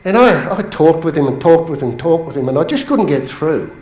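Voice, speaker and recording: A man coaching a seated audience in a motivational bootcamp talk, telling stories with sudden rises in pitch for emphasis. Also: a little fast. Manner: animated storytelling, pitch jumps up for emphasis. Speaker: business coach. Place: training room with a live audience. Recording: echoey room.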